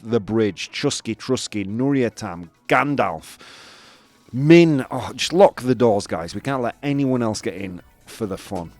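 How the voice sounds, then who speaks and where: Male stream host, chatty and self-mocking, animated delivery, dry booth sound. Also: mid-range voice, no echo. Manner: chatty, self-mocking, reads out chat messages. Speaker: live-stream show host. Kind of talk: casual live-stream chat.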